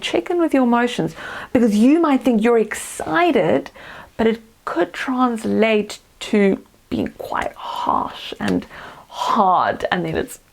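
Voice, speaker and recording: A woman from South Africa, a confidence coach, giving a lesson straight to camera and acting out example tones. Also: a little high. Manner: expressive, acts out example tones. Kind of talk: teaching talk to camera.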